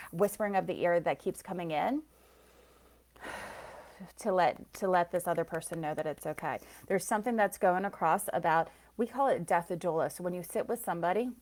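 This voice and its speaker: Chatty, effusive woman giving a live reading. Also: lowish voice. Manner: chatty and effusive, often laughing and gushing; addresses viewers by name. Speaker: spiritual reader and soul coach. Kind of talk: live intuitive card reading for viewers.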